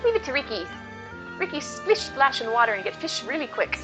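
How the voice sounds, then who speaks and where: A woman's voice: high voice, big pitch swings, brisk, over music, poor audio. A woman reading out a small, cheerful male creature from a game, talking in clipped baby-talk about himself. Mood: eager. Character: small round childlike male Nopon creature, cheerful, broken speech.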